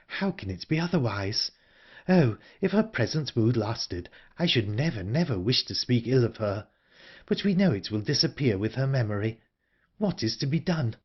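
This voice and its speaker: A man's voice: mid-range voice, sing-song, normal speed, breathy edge, highs cut off. A man voicing an earnest, anxious young woman in an audiobook, urgent and pleading. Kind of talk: audiobook character reading.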